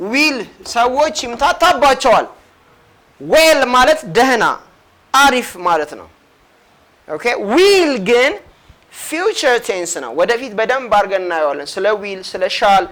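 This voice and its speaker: A bright, high-voiced woman with an Ethiopian accent runs an English lesson. She keeps drilling short phrases and moving between English and Amharic. She coaxes her learners again and again to answer and repeat after her. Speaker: English teacher. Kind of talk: classroom language lesson.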